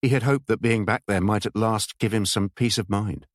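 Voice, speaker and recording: Man reading an audiobook, lowish voice, measured and expressive, very dry close sound. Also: no room sound. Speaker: audiobook narrator. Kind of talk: scripted audiobook narration.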